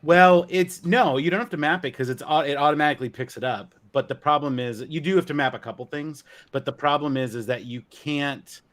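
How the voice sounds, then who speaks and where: A man's voice: a little high, a little fast, hardly any pauses, fairly bright tone. A man co-hosting a live podcast, explaining game details in a casual, self-deprecating way. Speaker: podcast co-host.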